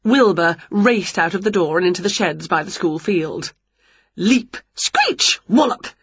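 A woman reading an English picture book aloud at home in a clear, expressive read-aloud manner. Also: fairly low pitch, normal speed, no echo, dull audio. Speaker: storybook reader.

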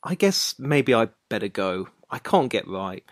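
A woman's voice: a bass voice, big pitch swings, measured pace, dry recording, clean studio sound, exaggerated voice. A woman voicing an anxious young man who pleads and grows exasperated in a dramatized story. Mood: pleading. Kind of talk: dramatized short story reading.

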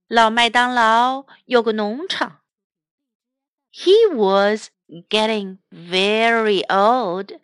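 A woman teaching children English, reading a story slowly and deliberately, with each line followed by a translation. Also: on the high side, fairly bright tone, no echo.

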